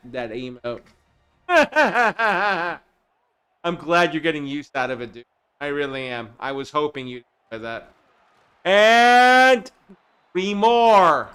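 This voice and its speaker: A man's voice: on the high side, normal speed, clear, resonant tone. A man live-streaming a football video game, calling the plays and chatting with his viewers, sometimes drifting away from his mic. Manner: bursts into excited play calls, then drops to quiet chat asides. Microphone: desk mic he drifts away from.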